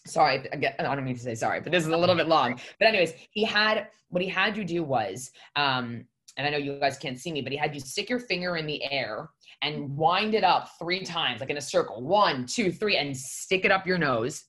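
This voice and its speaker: A woman's voice: deep voice, animated, brisk, fairly bright tone. A woman telling a personal story in casual conversation, blunt and emphatic, swearing freely and speaking from the heart. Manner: heartfelt, confessional.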